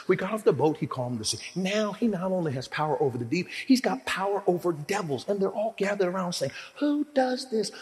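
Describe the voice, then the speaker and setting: High-voiced preacher in a reverberant hall. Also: male voice. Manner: dramatic storytelling, acts out voices of the disciples; swings from hushed to loud. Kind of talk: sermon.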